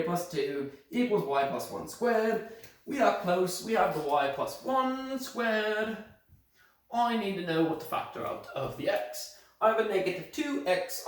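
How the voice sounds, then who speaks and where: Male teacher, put-on British accent, slow careful explaining, very echoey room. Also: sits high. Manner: steady step-by-step explaining, correcting own slips. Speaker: math teacher. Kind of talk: recorded remote lesson. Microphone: phone. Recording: echoey room, phone from a distance.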